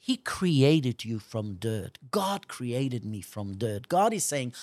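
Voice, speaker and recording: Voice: mid-range voice, big pitch swings, slow, darkish tone, no room sound. A preacher giving a fervent sermon, often speaking in the first person as God and pressing pointed questions. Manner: fervent, speaks at length in God's voice.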